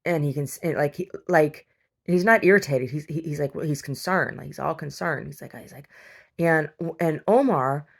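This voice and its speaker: A woman talks in a loose, chatty way, circling back and restarting her sentences as she tells a long story. Her voice sits low and carries a gravelly fry. She hosts and shares everyday stories with her listeners. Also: moderate pace. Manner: chatty, heavy use of fillers and restarts. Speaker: podcast host. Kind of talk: casual rambling storytelling.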